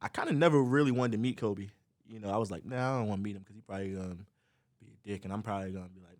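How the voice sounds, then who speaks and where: A man's voice: fairly low pitch, very fast, no echo, clean studio sound. Laughing Brooklyn man telling a story. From Brooklyn, New York. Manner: animated storyteller, laughs often, acts out quotes. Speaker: podcast co-host. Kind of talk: casual storytelling chat.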